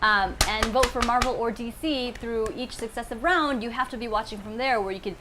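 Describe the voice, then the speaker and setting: A young woman hosting a live panel webcast from a studio, reeling off quick, jokey introductions and laughing often. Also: on the high side, very noisy. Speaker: show host.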